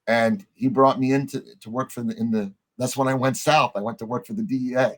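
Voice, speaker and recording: A man, a podcast guest, telling long stories in a relaxed conversational way and acting out the other people's lines himself. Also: medium pitch, a little fast. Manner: animated storyteller acting out quoted voices. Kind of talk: conversational storytelling.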